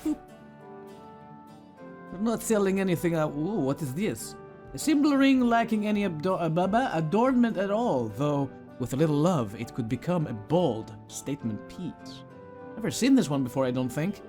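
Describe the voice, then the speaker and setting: A man's voice: on the high side, big pitch swings, normal speed, a little mellow, soft background music. A man playing through a video game with playful commentary, giggling and putting on mock accents. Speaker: let's play gamer. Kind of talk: let's play commentary.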